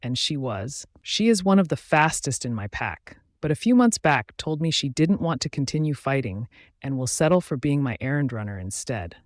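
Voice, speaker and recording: A man reads a first-person audiobook in a casual, conversational manner. His pitch sits in the middle, and the recording is close and dry. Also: very animated, normal speed, no room sound. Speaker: audiobook narrator.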